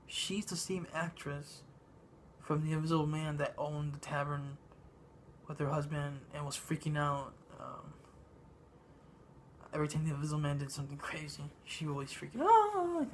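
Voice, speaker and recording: A man giving a casual spoken movie review, halting and meandering, with lots of ums and uhs. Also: a little high, fairly even intonation, slight background noise. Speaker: film reviewer.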